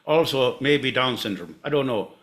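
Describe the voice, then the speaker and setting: A man's voice: mid-range voice, animated, moderate pace, fairly bright tone, close to an everyday voice. A man putting on a rambling stage-Irish fellow. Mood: absurd. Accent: put-on Irish. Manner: stammering, sing-song, absurd. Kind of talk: comedy bit.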